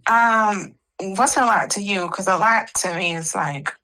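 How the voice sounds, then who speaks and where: Woman, interview guest, bright voice, hesitant, lots of fillers. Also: medium pitch, a little slow, rough recording. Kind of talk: casual chat.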